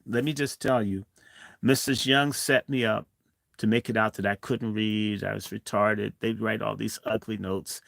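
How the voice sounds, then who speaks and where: A man's voice: medium pitch, creaky, fairly bright tone, no echo, studio quality. A man in his sixties telling a childhood story in a blunt, provocative way, swinging from the tale into profane rants. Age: 60s. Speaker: host.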